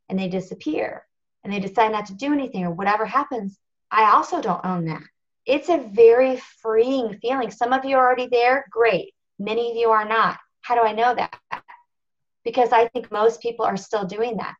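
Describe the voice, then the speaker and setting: A national marketing director, speaking in a mid-range voice over a muffled recording, addresses her team on a conference call. Her motivational talk recounts her own story in an earnest, confessional way, with repetition used to stress each point.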